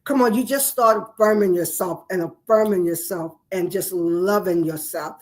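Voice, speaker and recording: A woman's voice: lowish voice, normal speed, a little mellow. A woman minister hosting a spiritual show, leading listeners through repeated affirmations and coaxing them to respond. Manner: repetitive chanted affirmations; coaxing call-and-response to viewers.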